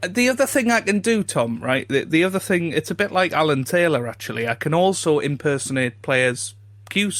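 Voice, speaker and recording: A man co-hosting a comedy podcast in a casual chat, self-deprecating and quick to laugh, with frequent stammering restarts. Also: fairly high pitch, lively intonation, a bit bright, no echo. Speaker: podcast co-host.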